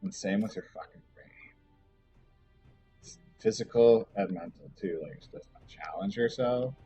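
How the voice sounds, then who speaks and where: While streaming a game, a young man tells a rambling personal story full of fillers and swearing. His voice is lowish and warm at a moderate pace, picked up by a dull lo-fi mic with faint game music behind him.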